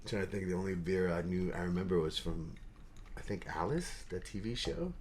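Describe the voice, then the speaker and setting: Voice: low voice, a little fast, a little mellow, slight background noise. A host in a casual interview, laughing along and giving short reactions while the guest talks.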